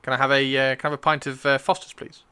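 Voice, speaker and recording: A man's voice: medium pitch, flat delivery, quick pace, sharp tone, smooth, close to an everyday voice. A man voicing a persistent male snail who stammers and begs for a drink. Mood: pleading. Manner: begging, stammering, insistent.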